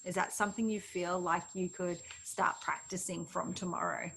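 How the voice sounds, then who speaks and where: A woman's voice: lowish voice, steady tone, normal speed, creaky, fairly bright tone, a little hiss or hum, low-quality recording. A woman teaching a mindfulness parenting class, repeating key phrases and checking that listeners follow.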